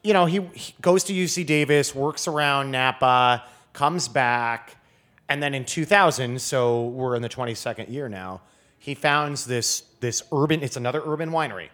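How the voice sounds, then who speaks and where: He has a mid-range, fairly bright voice and a moderate pace. A guest wine expert on a laid-back podcast, the man tells meandering stories, restarting often and leaning heavily on fillers.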